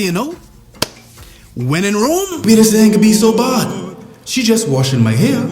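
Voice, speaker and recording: A man spins a comic story in a fairly high voice, rambling and animated. He keeps breaking off into playful asides, with faint music underneath. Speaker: vlogger. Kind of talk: comedic storytelling.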